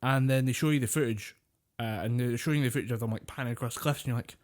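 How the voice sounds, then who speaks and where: A man's voice: mid-range voice, quick pace, darkish tone. A man co-hosting a podcast, telling stories in loose, casual chat. He rambles, swears freely and often breaks into laughter. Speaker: podcast co-host.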